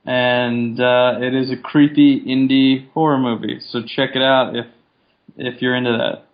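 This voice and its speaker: A man talking in a relaxed, plain way as a podcast guest. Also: medium pitch, a little slow, lo-fi sound. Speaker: podcast guest, indie filmmaker. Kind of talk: casual interview chat.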